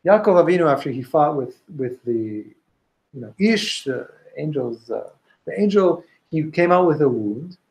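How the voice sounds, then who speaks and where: Male Torah teacher, slightly raised pitch, lively storytelling class voice. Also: moderate pace, poor audio. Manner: storytelling, animated, many restarts, Hebrew and Aramaic quotes. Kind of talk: informal Talmud class.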